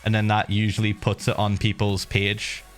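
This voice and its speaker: A middle-aged man streaming, casually telling viewers a story with lively laughs and the odd swear. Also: on the low side, moderate pace, soft background music.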